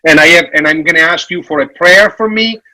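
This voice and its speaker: A man from Italy, giving a frank, animated workshop talk on finances with some jokes. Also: on the high side, brisk, low-quality recording. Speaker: workshop speaker on parish finances. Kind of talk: conference presentation.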